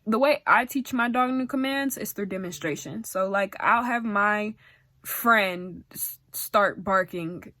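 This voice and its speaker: A woman's voice: on the high side, dry recording, studio quality. Emphatic young woman giving chatty advice. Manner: emphatic, animated, slangy and direct. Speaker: vlogger giving dog-training tips.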